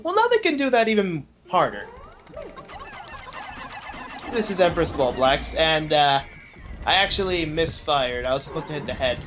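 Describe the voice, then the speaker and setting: A man narrating his own gameplay in a casual let's play, chatty and quick to laugh as he explains what he is doing. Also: fairly high pitch, sing-song, background noise. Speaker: let's play host playing the game. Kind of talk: casual game commentary.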